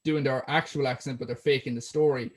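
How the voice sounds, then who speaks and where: Brisk and medium-pitched, with fairly even intonation, this Irish podcast host chats casually while reading interview questions aloud. He says um a lot, and a crowd can be heard behind him.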